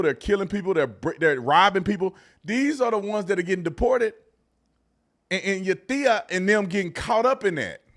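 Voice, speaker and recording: A political commentary host delivers casual reaction commentary in a mocking, animated way. His voice swings from low mutters to shouts.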